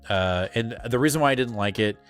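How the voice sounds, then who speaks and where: A man co-hosting a live comic book show, talking in a rambling, excitable way with lots of filler words and casual swearing. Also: medium pitch, fairly quick, soft background music. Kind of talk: casual live-stream chat.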